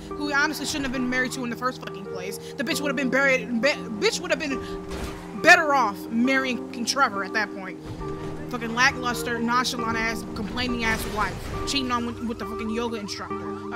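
Loud, cussing woman streaming a game. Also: high-pitched. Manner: loud, playful, swears a lot, talks to viewers and game characters. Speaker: gaming streamer. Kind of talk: casual let's-play commentary. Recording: game audio and music behind.

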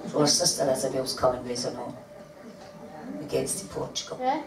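An older woman tells a rambling, comic anecdote to a live audience, chatting and laughing as she goes. Her voice rumbles low and is very animated at a moderate pace. Heard from far off in an echoey room, she's surrounded by loud, noisy ambience.

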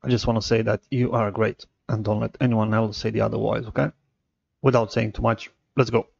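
A man's voice: on the low side, flat delivery, brisk, creaky, a little mellow, no room sound, muffled recording. A man hosting a reaction video, friendly and talking straight to his viewers.

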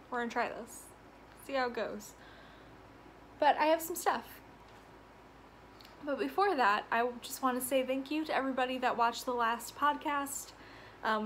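A woman hosts her podcast from home in a casual, rambling chat, laughing often. Her voice sits a touch high and sounds breathless and a little stuffy. Faint ambient sound drifts in through open windows behind her. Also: a bit bright, slight background noise, low-quality recording. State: stuffy from allergies. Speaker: podcast host.

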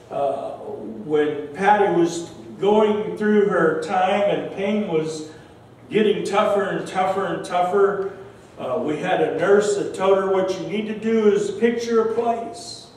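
Slow-preaching older pastor, echoey hall. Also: male voice, high voice, slight background noise. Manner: slow, earnest, emotional storytelling with soft trailing endings. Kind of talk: sermon. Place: large church sanctuary. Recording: very echoey church hall, distant mic.

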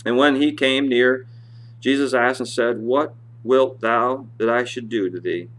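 A male pastor preaching a sermon in church, reading scripture aloud in a rising voice and dropping low to explain it. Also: steady tone, unhurried, fairly bright tone.

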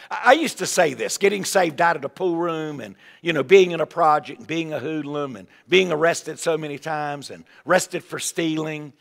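An older man delivers a revival sermon in a folksy, animated style, circling back on his own words. His voice sits a touch high and carries a gravelly edge. The sound rings with a long reverb from a large church sanctuary. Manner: folksy, animated preaching with asides and repeated words. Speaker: evangelist preacher.

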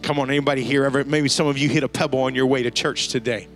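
A man preaching a sermon to a church congregation, telling a lively story and using casual slang. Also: mid-range voice, racing, faint music behind. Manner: storytelling, animated, slangy asides. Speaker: pastor. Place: church service before a congregation.

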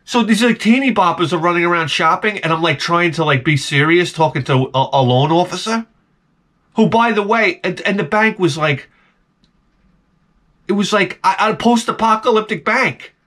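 A man's voice: high voice, normal speed, fairly bright tone. A man vlogging in a casual, rambling monologue, telling wry stories full of "like"s and restarts. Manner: meandering, wry storytelling with many "like"s.

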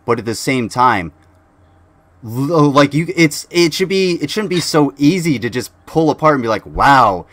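A man from the US in a casual group chat, talking haltingly with many restarts. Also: a little high, lively intonation, a bit bright, no echo. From United States. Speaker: guest.

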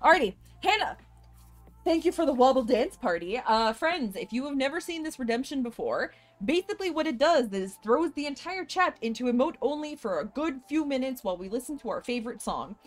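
A woman live streamer chatting casually with her viewers, chatty and expressive, laughing often. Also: sits high, a little fast.

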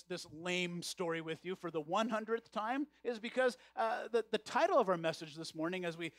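A man's voice: high-pitched, fairly bright tone, dry recording. A male pastor preaching a sermon, often repeating words as he restarts his phrases.

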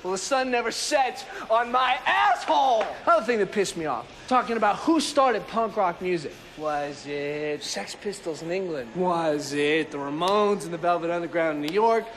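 A man's voice: a little high, moderate pace, few pauses, fairly bright tone, slight background noise, lightly acted. A man playing a ranting young American punk. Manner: profane, sarcastic, ranting. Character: angry young male punk, cynical ranter. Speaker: punk narrator. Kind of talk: film monologue to camera.

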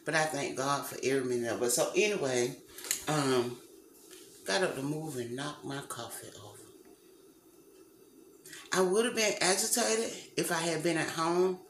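A woman's voice: deep voice, expressive, normal speed, long pauses. Woman, casual vlog chatter, rambling, talks straight to viewers, echoey kitchen, faint background hum. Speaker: vlogger. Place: kitchen at a workplace, lights off.

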